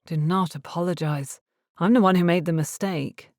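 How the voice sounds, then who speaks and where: Woman narrator doing a brooding young gentleman, low-key, dry close mic. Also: moderate pace, no room sound, natural voice. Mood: anguished. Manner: tense, self-reproaching.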